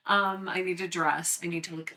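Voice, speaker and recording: A woman's voice: fairly low pitch, little pitch movement, normal speed, bright, forceful tone. A woman playing in a tabletop role-playing game, talking in a playful, rambling way. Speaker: player. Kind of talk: casual tabletop role-play.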